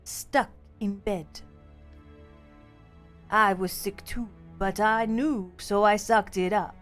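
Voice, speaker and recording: A woman voicing a weary middle-aged male detective who shivers and talks in a slow, dragging, hushed way. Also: mid-range voice, steady tone, soft background music, natural voice.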